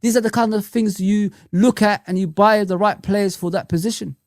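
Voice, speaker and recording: A man's voice: high-pitched, steady tone, normal speed, dry recording. A man hosts a fan live chat, ranting and exasperated and hammering points home by repeating them. The sound is dry and close with no room around it. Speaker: fan channel host.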